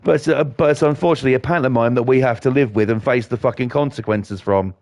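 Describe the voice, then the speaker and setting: A man's voice: medium pitch, quick pace, a little mellow, no room sound. A man, ranting and swearing in a rambling way while he plays a video game. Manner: profane, rambling, indignant. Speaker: gaming YouTuber.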